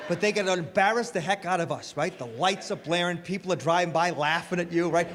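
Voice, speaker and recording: A middle-aged man performing a stand-up comedy set with animated, punchy storytelling, recorded live on stage. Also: high-pitched, fast talker, hardly any pauses. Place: comedy stage before an audience. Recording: live hall with reverb, faint noise.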